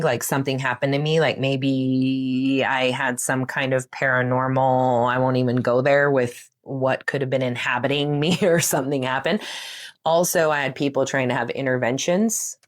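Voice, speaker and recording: A woman guest in a casual interview, telling a personal story in an animated way, often laughing and breaking off to restart her sentences. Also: extremely low pitch. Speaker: podcast guest.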